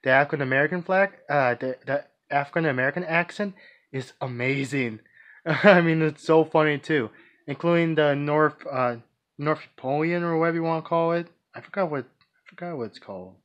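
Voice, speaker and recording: Male vlogger, higher-pitched, rambling and hesitant, muffled lo-fi recording. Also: fairly quick, a bit bright. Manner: hesitant, many restarts and fillers. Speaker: vlogger answering viewer questions. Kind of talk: casual rambling monologue. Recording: dull lo-fi recording.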